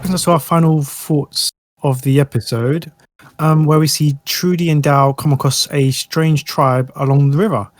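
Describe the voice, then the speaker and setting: A man's voice: on the high side, fairly even intonation, moderate pace, faint music behind. Man hosting a fan podcast. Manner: leads the panel into the next topic. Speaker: podcast host. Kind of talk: casual chat.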